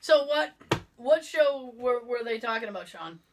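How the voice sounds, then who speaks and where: A woman's voice: on the high side, moderate pace, background noise. A middle-aged woman co-hosting a podcast, telling stories in a casual chat, acting out the people she quotes, with a cough from a lingering illness. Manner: animated, acts out quoted voices. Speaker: podcast co-host.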